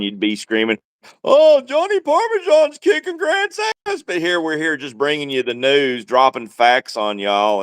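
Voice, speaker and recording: A man's voice: lowish voice, a bit bright, smooth, dry recording. A man co-hosting a casual livestream chat, talking in a laid-back, wry drawl. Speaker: livestream co-host.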